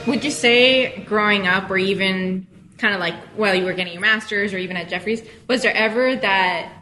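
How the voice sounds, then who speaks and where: A woman's voice: medium pitch, brisk, over music. A woman hosting a podcast who asks long, rambling interview questions padded with "like". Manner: rambling, uses "like" a lot. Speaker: podcast host.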